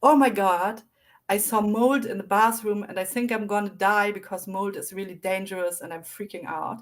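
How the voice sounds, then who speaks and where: A woman's voice: medium pitch, fairly even intonation, normal speed, close to an everyday voice. A woman voicing a scared child in a panic, with frantic, breathless alarm. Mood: panicked.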